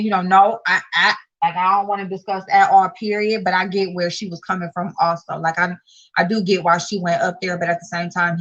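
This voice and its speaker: A woman's voice: mid-range voice, a bit bright, highs cut off. A woman, a channel host giving casual, profane commentary, blunt and sassy, rising to exasperated outbursts. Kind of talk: casual live-stream commentary.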